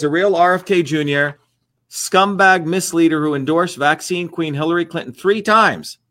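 A man's voice: on the high side, fairly bright tone. A man hosting an online livestream, delivering ranting political commentary in a combative, repetitive, emphatic way.

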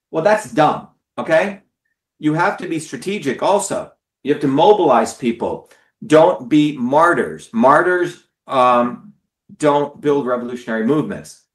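A man's voice: medium pitch, reverberant. A man hosting a live stream, giving a blunt, profane, emphatic political monologue to viewers. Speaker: host of a live call-in stream.

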